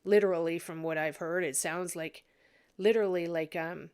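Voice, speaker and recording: A woman giving a psychic reading in a vlog, hesitant and full of pauses, tearful and sniffly. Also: fairly low pitch, level tone, clean tone. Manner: hesitant, many ums and restarts. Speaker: psychic reader. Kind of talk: emotional psychic commentary vlog.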